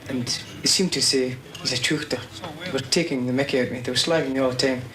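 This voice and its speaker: A young Scottish man from the Highlands, a soldier speaking in a Glasgow accent in a casual, chatty interview. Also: steady tone, very fast.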